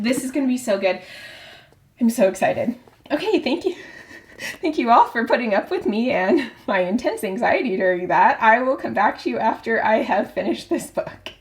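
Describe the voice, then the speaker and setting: A woman book vlogger chatting casually to her viewers, excitable and nervous, with quick giggles. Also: fairly high pitch. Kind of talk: casual vlog chat to camera.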